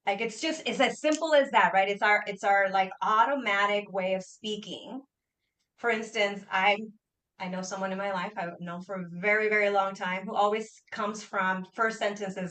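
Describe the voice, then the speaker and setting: A woman's voice: medium pitch, fairly even intonation, normal speed, fairly bright tone, poor audio. A woman hosting a podcast, affirming her guest with enthusiasm and asking long, searching questions. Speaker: podcast host. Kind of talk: casual podcast interview.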